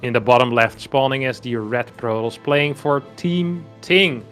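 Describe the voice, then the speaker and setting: A man casting a live esports match, chatty and swelling into excited play-by-play. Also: mid-range voice, unhurried, faint music behind. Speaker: esports caster.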